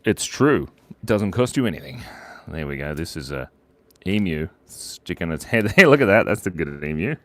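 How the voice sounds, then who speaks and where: A man's voice: deep voice, big pitch swings, normal speed, no room sound. Playful man drawing live for viewers. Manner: playful, giggly, silly asides. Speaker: animator hosting a drawing livestream.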